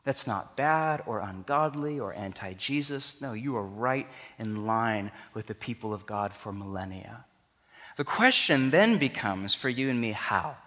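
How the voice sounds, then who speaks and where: A man's voice: on the low side, expressive, unhurried, bright, forceful tone. Man, pastor, earnest conversational sermon, emphatic rises, long hall reverb.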